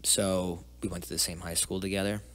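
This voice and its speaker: A young man appearing as a podcast guest tells a rambling, profane personal story, sometimes dropping into hushed asides. His voice is low and level, and he speaks briskly in this casual interview.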